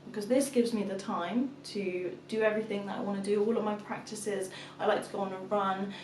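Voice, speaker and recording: Young mum vlogger, casual chatty storyteller, recorded in an echoey room. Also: female voice, medium pitch, steady tone, a little fast, a little hiss or hum. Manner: chatty storyteller, acts out her toddler's shouts. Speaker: vlogger, mother of two. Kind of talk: casual chat to camera. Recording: echoey room, mic at a distance.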